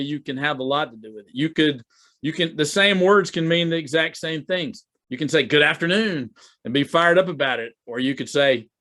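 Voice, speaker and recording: A man acting as a business coach talks casually to camera, conversational in style and often repeating or restarting his words. His voice is fairly high-pitched with a fairly bright tone, captured in a video recording.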